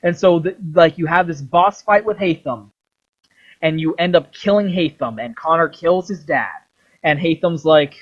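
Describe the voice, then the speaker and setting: A man retelling a game story in a long, animated ramble full of swearing, on a dull lo-fi recording. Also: on the high side, normal speed. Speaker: video creator.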